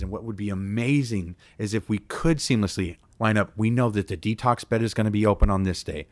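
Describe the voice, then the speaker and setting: A man's voice: lowish voice, quick pace, few pauses. A man on a community town hall panel, explaining treatment barriers earnestly with frequent fillers. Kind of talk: panel discussion talk.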